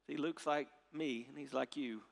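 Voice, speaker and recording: A middle-aged man preaching a sermon, telling a story with big swings from hushed to loud and leading the crowd in repeated phrases. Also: medium pitch, fairly even intonation, moderate pace, gravelly. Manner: repeats phrases, leads audience call-and-response. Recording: long hall reverb.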